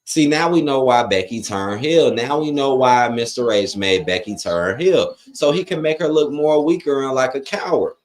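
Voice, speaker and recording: A man's voice: mid-range voice, normal speed, hardly any pauses. A man hosting a live watch-along stream, reading chat comments aloud and giving blunt, profane opinions in a loose, rambling way. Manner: loose, rambling with frequent fillers.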